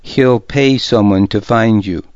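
Proud, defiant noblewoman voiced by a male audiobook reader, stern and sharp, slow and measured, dull lo-fi sound. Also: fairly low pitch, no echo. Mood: scornful. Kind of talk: audiobook character reading. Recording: dull lo-fi recording.

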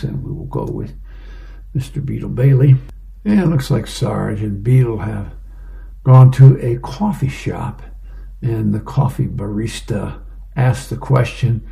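A man's voice: mid-range voice, gravelly, dark tone. A man casually reading an advice column and newspaper comics aloud, describing each panel with small fillers.

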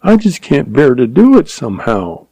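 A man's voice: medium pitch, huge pitch swings, moderate pace, mellow, slightly rough, no echo, voice pushed up, full character voice. A man voicing a timid eighteen-year-old girl who speaks on the verge of tears. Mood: pleading. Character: timid young woman of eighteen.

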